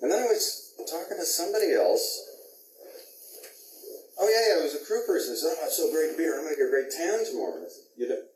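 A man's voice: a little high, very animated, fast talker, a little mellow. A male actor in an interview, animatedly telling a behind-the-scenes story and laughing often. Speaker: actor guest. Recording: roomy, distant mic, faint noise.

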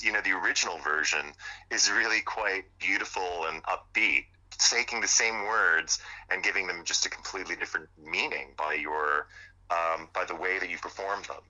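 A man's voice: deep voice, sharp tone, rough recording. A man from Montreal, Canada, chatting enthusiastically as a guest, rambling with many fillers. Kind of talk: casual chat.

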